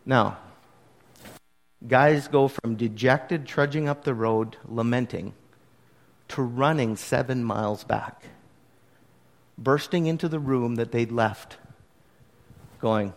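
A man preaching a sermon, retelling scripture in an animated way that swings from hushed to emphatic. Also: medium pitch, takes it slowly, pauses often, in a large hall. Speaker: pastor.

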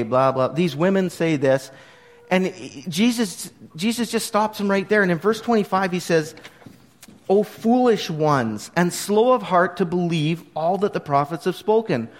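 Animated preaching man, slightly high voice. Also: big-room sound. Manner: animated, swings from hushed to emphatic, reads scripture aloud. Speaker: pastor. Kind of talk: sermon.

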